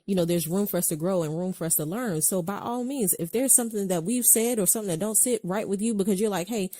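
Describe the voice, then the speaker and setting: A woman co-hosting a podcast, speaking in measured casual talk and agreeing while she reasons things through. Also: medium pitch, dark tone. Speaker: podcast co-host.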